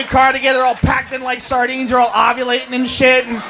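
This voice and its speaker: A woman doing a brash, profane stand-up routine and shouting her punchlines. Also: sits high, flat delivery, fast, vocal fry, few pauses, noisy background. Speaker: stand-up comedian.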